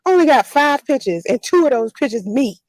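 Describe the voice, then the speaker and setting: A woman's voice: high-pitched, very animated, a little fast, a little mellow, no room sound. A woman vlogger in a blunt, profane, defiant rant. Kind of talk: ranting monologue.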